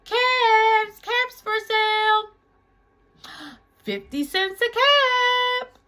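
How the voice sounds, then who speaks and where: A woman voicing an angry grown male cap peddler in a children's storybook read-aloud, scolding and shouting. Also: high voice, huge pitch swings, fast talker, breathy edge, exaggerated voice. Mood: calling out. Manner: shouting, scolding, finger-wagging outbursts.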